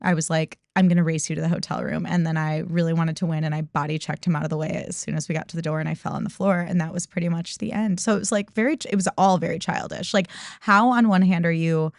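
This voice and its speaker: A young woman from Chicago telling a story on a podcast, animated, swearing freely and acting out what people said. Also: low-pitched, fast, gravelly, dry recording, studio quality. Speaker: guest comedian. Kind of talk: casual storytelling.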